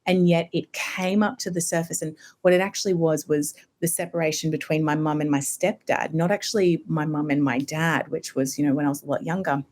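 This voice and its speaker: A woman, a homeopath guest on a podcast, telling personal stories in a lively, casual way full of "you know" and "like". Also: low-pitched, a little fast, few pauses. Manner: animated storytelling, many fillers like "you know".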